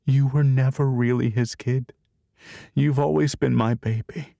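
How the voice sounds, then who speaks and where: A man's voice: mid-range voice, fairly even intonation, unhurried, vocal fry, dark tone, no room sound, voice pushed up. A man voicing a loving, fierce middle-aged adoptive mother in an audiobook, speaking emphatically and tenderly. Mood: tender, fervent.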